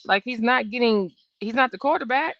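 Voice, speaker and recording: A woman in her thirties hosts a live trial-watch stream, offering blunt, sassy, profane casual commentary. Her voice is on the high side and a little fast. The home stream audio sounds dull and dry.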